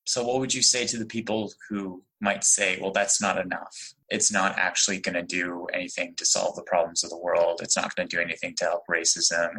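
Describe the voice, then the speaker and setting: A man asking a measured question in casual talk, heard from farther off the mic. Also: low voice, gravelly, pushed and bright, slightly rough, low-quality recording.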